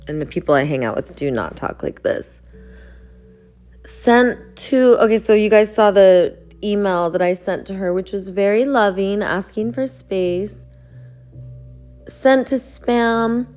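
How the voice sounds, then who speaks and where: A woman talking to her viewers in a casual vlog, reading an email aloud slowly and then speaking in earnest affirmations. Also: medium pitch, lively intonation, darkish tone, soft background music. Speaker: online creator reading out an email.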